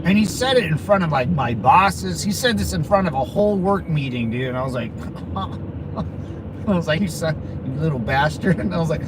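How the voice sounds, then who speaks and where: A man's voice: a little high, lively intonation, normal speed. A man chatting casually on a livestream, rambling and laughing often as he answers his viewers. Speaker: livestream host answering chat. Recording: street and traffic noise.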